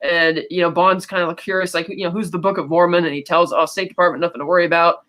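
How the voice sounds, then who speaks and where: High-voiced man recapping a film. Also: steady tone, sharp tone, low-quality recording. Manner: retells scenes quickly with many "you know" fillers. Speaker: podcast co-host. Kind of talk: casual film recap chat.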